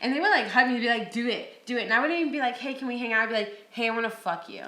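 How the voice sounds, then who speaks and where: A bright-voiced young woman tells a story with blunt, swear-filled candor, pitched a little high. Her voice rings in an echoey room as she chats on a podcast. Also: very fast. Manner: blunt, profane, animated storytelling. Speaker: podcast co-host. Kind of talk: casual storytelling chat.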